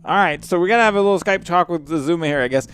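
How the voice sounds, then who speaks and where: A man hosting a casual game commentary, chatty and excitable and quick to cry out in surprise. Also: high voice, faint music behind. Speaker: let's play host.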